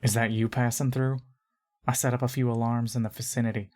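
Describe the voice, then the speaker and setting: A woman voicing a young half-elven man who speaks gently and softly. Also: very deep voice, flat delivery, brisk. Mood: calm. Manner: gentle, soft-spoken, apologetic.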